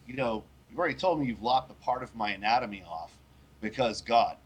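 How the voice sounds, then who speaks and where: A man's voice: medium pitch, brisk, slightly rough. A man hosting a casual podcast, talking bluntly and with profanity, acting out little voices when he tells a story. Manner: blunt, profane, acts out voices in his stories. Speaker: podcast host.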